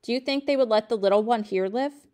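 A woman's voice: fairly high pitch, quick pace, a little mellow, natural voice. A woman reading aloud and voicing a fierce young mother who urges her husband on, in an urgent, pressing way.

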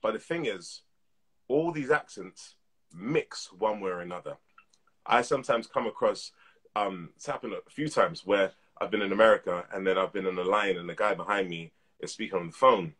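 A man in his thirties, an actor being interviewed over a live video call, talking in a relaxed, reflective way. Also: lowish voice, moderate pace, slightly rough. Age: 30s. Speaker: actor guest. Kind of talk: casual interview.

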